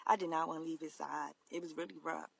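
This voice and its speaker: A woman telling her own story to camera, earnest and halting, with many fillers and restarts. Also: sits low, steady tone, gravelly, slightly rough, no room sound. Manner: earnest, emotional confiding. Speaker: vlogger.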